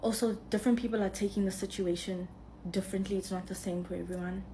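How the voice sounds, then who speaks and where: A South African woman with a South African accent, giving an earnest, measured vlog update. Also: medium pitch, steady tone, mellow, slight background noise, rough recording.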